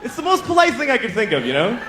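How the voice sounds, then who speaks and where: A man doing stand-up, his fairly high voice swinging wildly up and down as he tells profane stories and acts out quick bits of other voices. Audience laughter and room noise sit clearly behind him on a live club recording. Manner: animated storytelling, acts out other voices in bursts; profane, conversational asides. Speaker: stand-up comedian. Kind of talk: stand-up comedy set.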